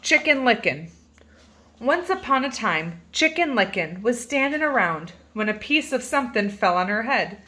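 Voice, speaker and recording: A woman reading a children's picture book aloud in a playful, animated way, stretching words for emphasis. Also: fairly high pitch, moderate pace. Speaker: reader.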